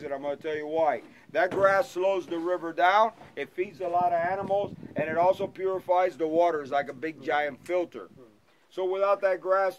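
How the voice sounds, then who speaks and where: A man's voice: fairly high pitch, low-quality recording. A man guiding an airboat tour outdoors, talking to his passengers in a playful, teasing way and telling stories. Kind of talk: joking guided tour talk to passengers. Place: outdoors on a moving airboat in wetlands. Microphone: 360 camera mounted on the boat. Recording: loud wind and airboat engine noise.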